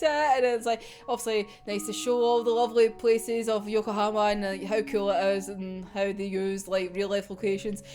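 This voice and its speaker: A woman's voice: fairly high pitch, a little fast, darkish tone. A Scottish woman from Scotland, vlogging in a casual chat, rambling with lots of "like", swearing and frequent laughter. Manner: rambling, laughs often, swears, says 'like' a lot. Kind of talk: casual chatty vlog.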